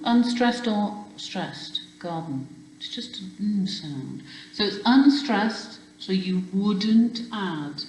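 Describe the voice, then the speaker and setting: A woman teacher talks pupils through spelling rules at a slow, careful pace. Her voice sits a little low, and she is patient and encouraging, repeating each word to bring out its stressed syllable. The recording sounds roomy, with a faint hum underneath. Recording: echoey room with faint hum.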